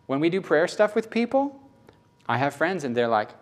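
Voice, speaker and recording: A man's voice: big pitch swings, fairly quick. A middle-aged man preaching a sermon in a conversational, emotional storytelling manner. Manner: conversational, emotional storytelling with sudden rises in pitch.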